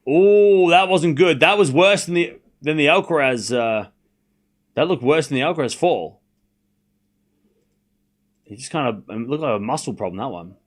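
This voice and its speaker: A young man hosting a live tennis watchalong stream, chatting casually and excitedly repeating the score as points are played. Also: fairly high pitch, moderate pace, long pauses. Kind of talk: live casual play-by-play commentary.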